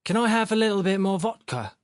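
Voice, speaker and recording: A man's voice: medium pitch, lively intonation, slow pace, darkish tone, smooth, dry recording, clean studio sound. A man voicing a crude, surly man made from a dog, sullen and whiny in manner. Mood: grumbling.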